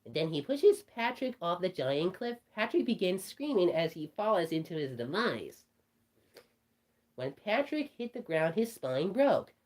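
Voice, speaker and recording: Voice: mid-range voice, very animated, a little slow. Someone doing Bugs Bunny, rambling storyteller. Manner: rambling, stumbling restarts. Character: cartoon rabbit telling a creepy story. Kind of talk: storytelling in character.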